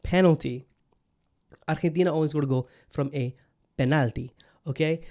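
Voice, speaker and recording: A man's voice: a little high, moderate pace, long pauses, darkish tone. A man hosting a podcast in casual chat, rambling and swearing freely, full of fillers and restarts. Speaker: podcast host.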